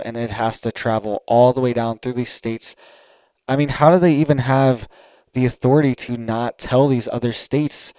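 A man delivering an urgent, emphatic monologue straight to his viewers, often pausing to check they're following. His voice is smooth and clear, at an everyday middle pitch. The recording is close and dry, with no room sound. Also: a little mellow, dry recording, low-quality recording. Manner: urgent, emphatic, keeps asking "all right?". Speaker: online commentator. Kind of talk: solo commentary video.

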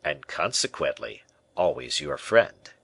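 Man reading as a scheming bishop, low voice, measured and quiet, storybook. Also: very animated, no room sound, full character voice. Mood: calm, scheming. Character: sly, smooth-talking male bishop and ex-musketeer.

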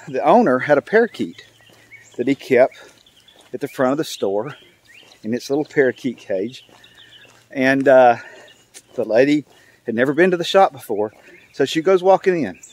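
A man's voice: mid-range voice, a little mellow. Older man rambling through a joke. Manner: rambling, drawn-out storytelling with many fillers. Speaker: channel host. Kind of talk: casual joke telling.

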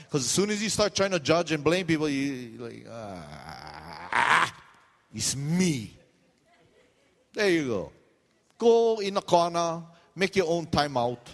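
A middle-aged man preaches, with a fairly high voice that swings widely in pitch. He tells his sermon as a string of stories and acts out the other people's lines as he goes. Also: in a large hall. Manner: storytelling with quoted voices and pidgin asides. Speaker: pastor.

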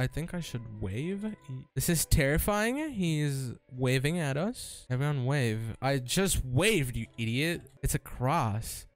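A man commentating his own gameplay, excitable and nervous, laughing and stammering through restarts. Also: fairly high pitch. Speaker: gaming YouTuber. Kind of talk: let's-play commentary.

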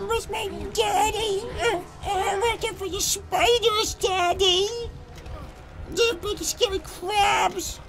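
A man voicing a small girl who whines and calls for her daddy in a squeaky falsetto. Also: steady tone, slow, vocal fry, music in the background, heavily acted. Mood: whining.

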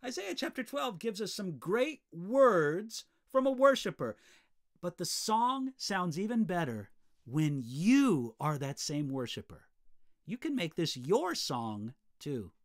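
A man as pastor giving a devotional teaching, earnest and emphatic, slowing down to stress key phrases. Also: high voice, sing-song.

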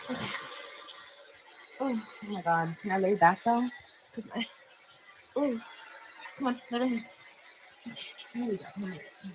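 A woman's voice: medium pitch, moderate pace, long pauses, echoey room, noisy background. A woman from Los Angeles vlogging, talking candidly and rambling straight to her viewers. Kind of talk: chatty vlog talking to viewers.

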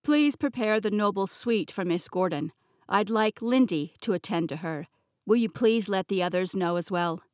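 An easygoing, mischievous young king who can snap into a loud, commanding tone, as a woman narrator puts him on. He is heard in an audiobook with a dry, close studio sound and a mid-range pitch. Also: moderate pace, no echo, lightly acted. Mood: polite. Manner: easygoing, turns stern and loud when giving orders. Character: young male interim king, playful but commanding. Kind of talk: audiobook character voice. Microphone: close studio mic, dry.

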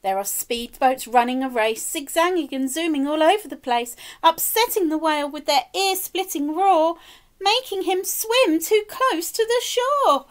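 A woman teacher reading a picture book aloud to children, animated, with gasps and asides to her young listeners. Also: very high-pitched, a little slow. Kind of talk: expressive storybook read-aloud for children.

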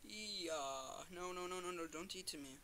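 A man's voice: high-pitched, measured pace, slight background noise. A man giving casual commentary while he plays a mobile game, talking trash at other players and crying out in repeated bursts when things go wrong. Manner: playful trash talk, excited repeated cries. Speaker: gamer commentator.

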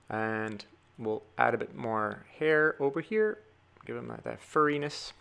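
A man's voice: mid-range voice, animated, unhurried, creaky, fairly bright tone. A man giving a chatty drawing tutorial, talking to viewers as he sketches. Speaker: drawing teacher.

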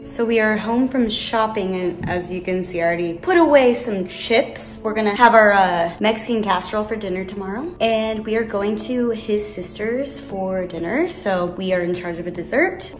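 A woman's voice: medium pitch, moderate pace, hardly any pauses, soft background music. A young woman chatting casually to camera in a vlog, upbeat and talkative, filmed on a phone. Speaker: vlogger.

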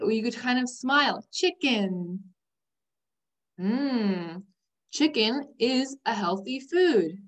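A woman teaching a vocabulary lesson to young learners. She says each word slowly and clearly, has the class repeat it, and breaks words into their first sounds. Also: on the high side. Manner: stresses sounds one by one.

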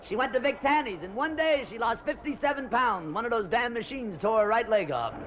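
A man's voice: extremely high pitch, animated. Man telling bawdy jokes on an old record. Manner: bawdy, rambling jokes with quick voice changes. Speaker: stand-up comedian. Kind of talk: stand-up comedy routine. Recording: dull lo-fi old comedy record with faint hiss.

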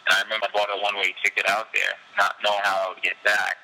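Male fighter guest, low voice with a very bright, forceful edge, animated and candid, laughs easily. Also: very fast, gravelly, rough recording. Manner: animated, laughs often, loose fillers. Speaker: professional fighter, interview guest. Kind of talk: candid casual storytelling.

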